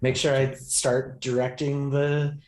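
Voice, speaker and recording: A man's voice: mid-range voice, level tone, takes it slowly, a little mellow. A man telling a story casually as a podcast guest. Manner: chatty storyteller. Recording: roomy echo.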